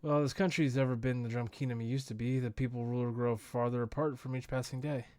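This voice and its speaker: A man's voice: medium pitch, steady tone, fast, a little mellow, dry recording, natural voice. A man voicing a serious, troubled male guard captain while reading a comic aloud, earnest and grave.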